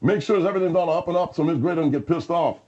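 Guy doing a squeaky fast-talking nervous sidekick, kinda muffled. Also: mellow, close to an everyday voice.

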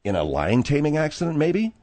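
A middle-aged man hosts a talk-radio show with a lively, swooping delivery. He rambles through stories in a casual way, full of fillers and asides. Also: fairly high pitch, brisk. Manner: rambling and animated, with frequent fillers.

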